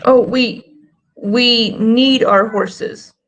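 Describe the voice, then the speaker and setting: Gravelly woman player. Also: a little high, fairly even intonation, very slow. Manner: earnest, talking to in-game characters. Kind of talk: casual game chat.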